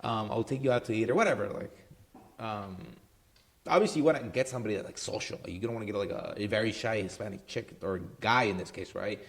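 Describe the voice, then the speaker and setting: A man's voice: fairly low pitch, fast. Casual chatty man giving marketing advice. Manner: loose and conversational, full of "right?" and "um". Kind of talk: casual talking-head advice.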